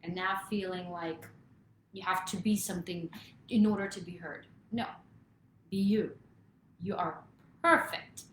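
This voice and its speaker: A woman's voice: fairly low pitch, fairly even intonation, unhurried, long pauses, fairly bright tone, a little hiss or hum. A woman vocal coach giving an emphatic motivational talk to camera, often checking in with "right?". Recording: echoey room.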